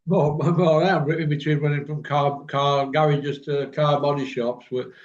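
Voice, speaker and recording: A Birmingham man hosting a casual chat over a muffled, lo-fi video call. He talks bluntly and rambles from one point to the next, with a voice pitched a little high. He is quick to laugh. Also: flat delivery. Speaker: host.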